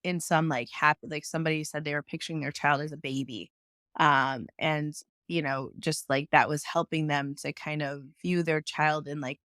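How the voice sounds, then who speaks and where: A woman's voice: sits low, fairly even intonation, normal speed, a bit bright, no room sound, studio quality. A woman and mother hosting a podcast, chatting openly and asking long questions. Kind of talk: casual interview talk.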